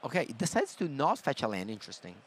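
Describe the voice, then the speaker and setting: A male commentator calling a card game live, walking through each play. He explains the options analytically and pauses often to think, with an ordinary mid-range voice. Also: medium pitch, huge pitch swings, slight background noise. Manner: analytical, thinks aloud with fillers. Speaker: color commentator.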